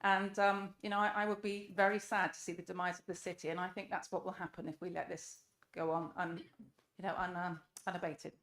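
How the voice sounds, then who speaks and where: A woman's voice: fairly low pitch, little pitch movement, brisk, noisy background. A middle-aged woman speaking at a live public debate, earnest and emphatic, firing off rhetorical questions. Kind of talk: impassioned public speech. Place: live event in a room.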